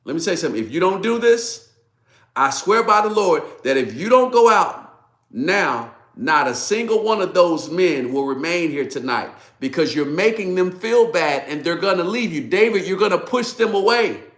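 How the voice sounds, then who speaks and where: Preacher doing a pushy army commander, pleading, insistent, echoey room. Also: male voice, high-pitched, very animated, moderate pace, a bit bright, voice pushed up. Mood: urging.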